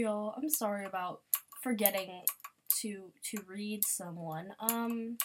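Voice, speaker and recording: A young woman, rambling and bubbly as she chats casually over a game, breaking into sudden excited squeals. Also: medium pitch, slow, a little hiss or hum. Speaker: gamer podcaster. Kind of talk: casual gameplay commentary.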